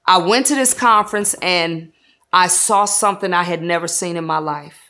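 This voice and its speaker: A woman's voice: on the low side, normal speed, pushed and bright. A woman salon business coach giving an earnest, emotional testimony in a documentary interview, with a preacherly rhythm.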